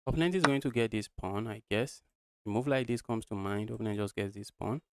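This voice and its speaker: A man's voice: fairly low pitch, a little fast, noisy background. A young man from Nigeria streaming live chess, thinking aloud through lines of play and talking to his viewers as guys.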